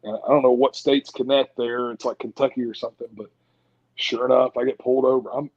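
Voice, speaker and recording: A man's voice: medium pitch, flat delivery, brisk, a little mellow. A man, a podcast guest, telling laid-back stories in casual interview chat. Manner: laid-back storytelling with drawled quotes. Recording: dull lo-fi sound.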